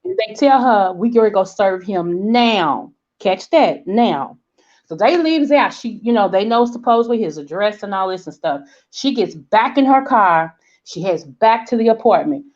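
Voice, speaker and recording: Southern woman, forties, vlog host, animated storyteller, dull lo-fi sound. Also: mid-range voice, moderate pace. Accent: Southern American. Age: 40s. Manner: animated storyteller, acts out quoted voices, checks in with "okay?". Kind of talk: casual storytelling chat.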